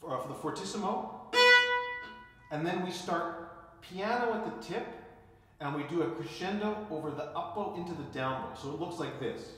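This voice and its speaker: A man's voice: sits high, animated, normal speed, pauses often, over loud music. Man teaching viola in an echoey room. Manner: calls out counts and dynamics while demonstrating. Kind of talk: instructional music lesson. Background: viola playing.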